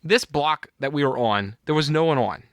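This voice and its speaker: A man's voice: a little high, expressive, normal speed, dry recording. A middle-aged man co-hosting a podcast, telling a rambling story in casual chat and laughing at his own anecdote. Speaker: podcast co-host.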